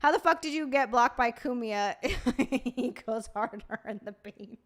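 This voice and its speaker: Casual woman stream host reading chat, profane and giggly, somewhat high pitch. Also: a little slow. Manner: profane, laughing, reacting to chat.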